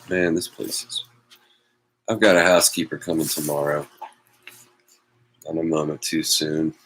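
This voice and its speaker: A man's voice: extremely low pitch, fairly bright tone, poor audio. A man hosting a casual solo chat show from home, rambling and wry with self-mocking asides. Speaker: host.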